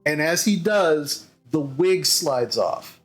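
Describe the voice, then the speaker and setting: A man narrating as game master in a tabletop game, halting and repeating words as he goes. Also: on the high side, lively intonation, faint music behind.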